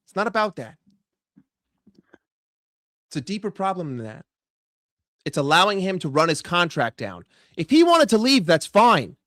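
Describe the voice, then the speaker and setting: A man's voice: high-pitched, very animated, moderate pace, pauses often, fairly bright tone, dry recording, clean studio sound. A man with a New York accent, ranting sarcastically and with lots of swearing in a fan commentary video. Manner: sarcastic, profane, heated. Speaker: football fan vlogger.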